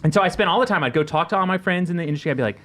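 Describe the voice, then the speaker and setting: A man hosting a casual panel chat, with a Southern US accent softened by years in Minnesota, rambling and self-deprecating with frequent restarts. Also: high voice, rapid-fire. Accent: Southern US mixed with Minnesotan. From Texas, later Minnesota. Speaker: podcast host.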